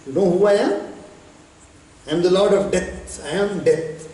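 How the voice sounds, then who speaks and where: A man's voice: sits high, normal speed, warm tone, voice pushed up, lightly acted. A man voicing the angry male god of death in a spiritual story, speaking in an imperious, threatening way. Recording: echoey room, distant mic.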